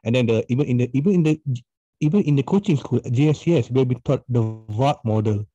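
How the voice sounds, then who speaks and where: A man's voice: mid-range voice, fast, warm tone. A man hosting a podcast interview, a math teacher, speaking hesitantly with many restarts. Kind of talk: casual interview chat. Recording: dull lo-fi dry sound.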